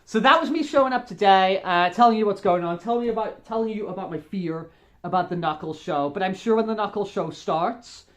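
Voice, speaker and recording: An enthusiastic furry vlogger talking straight to the viewers in a loose, rambling way. The speech is full of ums, likes and restarts, and the tone stays friendly and upbeat throughout. The pitch sits in an ordinary middle range. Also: a little fast. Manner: rambling, filler-heavy, enthusiastic. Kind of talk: casual chat to camera.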